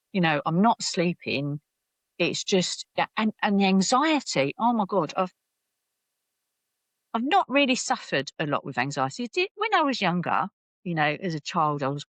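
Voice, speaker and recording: A woman's voice: fairly low pitch, dry recording. A woman, a podcast guest telling her own story candidly, acting out what people said, with many restarts. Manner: animated, acts out quoted voices, many restarts.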